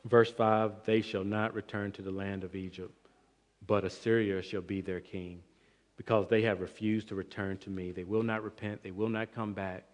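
A man preaching an expository sermon, emphatic, with swings between loud and quiet passages. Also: lowish voice, little pitch movement, moderate pace. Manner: emphatic, rising and falling in volume, restarts words. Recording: long reverb of a large hall.

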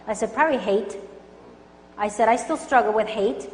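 Earnest higher-voiced woman preaching in a hall. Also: moderate pace, pauses often, a little mellow. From Colombia. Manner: earnest, urgent exhortation. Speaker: Christian speaker. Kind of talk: testimony sermon. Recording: echoey hall with faint hum.

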